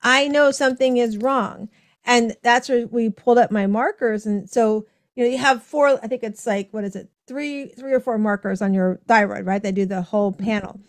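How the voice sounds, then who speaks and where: A woman hosting a podcast conversation, animated as she tells stories and acts out the people she quotes. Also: medium pitch, normal speed, no echo. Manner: animated storytelling, acting out quoted dialogue with laughs. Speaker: podcast host. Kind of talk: casual conversation.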